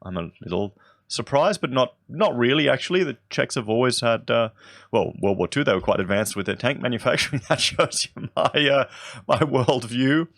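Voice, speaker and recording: A man's voice: mid-range voice, animated, normal speed, a bit bright, no room sound, clean studio sound. A man from Australia giving casual, sarcastic commentary while reading an article, with wry asides. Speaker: political commentary host.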